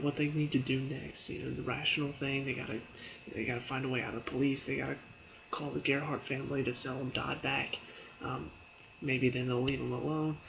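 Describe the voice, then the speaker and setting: A man's voice: medium pitch, gravelly, noisy background. A man casually reviewing a TV episode in a chatty way, with lots of fillers, breaking into laughs and acting out characters' lines as he retells scenes. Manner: briefly acts out characters' lines in quotes.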